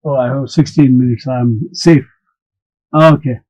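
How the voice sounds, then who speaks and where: A man's voice: mid-range voice, fairly even intonation, dark tone, no room sound, lo-fi sound. A man teaching a maths lesson, explaining step by step and answering imagined students. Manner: slow, deliberate explaining, talks back to imagined students.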